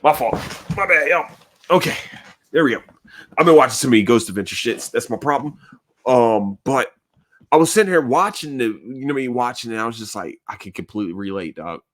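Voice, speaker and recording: A man's voice: medium pitch, expressive, brisk. A man hosting a podcast in casual chat, earnest and rambling, full of slang and swearing. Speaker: podcast host.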